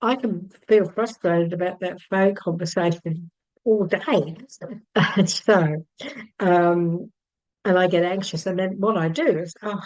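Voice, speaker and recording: A woman teaching emotional tapping, repeating calm affirmations and then talking chattily with fillers and little laughs. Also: lowish voice, slow pace, poor audio. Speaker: EFT healing teacher. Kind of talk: guided tapping session and casual talk.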